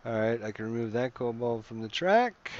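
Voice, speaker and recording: A man running an online tabletop game as game master, calmly narrating combat and ruling on moves. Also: mid-range voice, moderate pace, highs cut off, over a noisy crowd.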